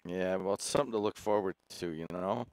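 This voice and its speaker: A man's voice: deep voice, brisk, a little mellow, dry recording. A man hosting a radio call-in show, chatting with callers in a rambling, friendly, teasing way. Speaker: radio talk show host. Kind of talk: casual call-in chat. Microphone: studio microphone.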